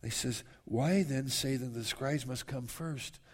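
A man's voice: medium pitch, measured pace. A man preaching a verse-by-verse sermon in an earnest, conversational way, turning often to speak straight to his listeners. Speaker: pastor.

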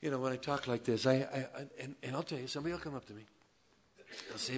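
Man, pastor, sermon, mid-pitched voice, folksy, animated, loud emphatic swings to quiet asides. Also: fast, slight background noise. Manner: folksy, peppers speech with "man" and "you know". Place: church, Wednesday evening service.

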